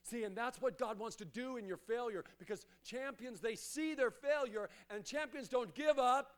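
A man preaching a sermon as pastor, emphatic and repetitive, building to loud exhortations. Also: very high voice, normal speed, hardly any pauses, a faint crowd, a little hiss or hum.

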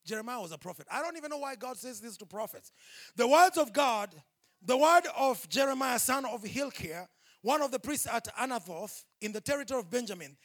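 Male preacher, high voice with gravel, impassioned sermon delivery. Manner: impassioned, rising to shouts.

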